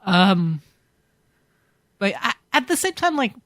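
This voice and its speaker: A woman's voice: medium pitch, very animated, takes it slowly, a bit bright, no echo, studio quality. A woman co-hosting a podcast, telling a rambling story in casual chat with loose fillers and some swearing. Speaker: podcast co-host.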